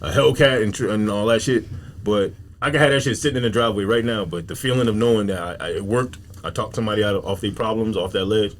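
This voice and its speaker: A man's voice: fairly low pitch, quick pace, slight background noise. A man from Newark, a comedian guest, talking bluntly in streetwise slang on a casual podcast, acting out what people say. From Newark, New Jersey.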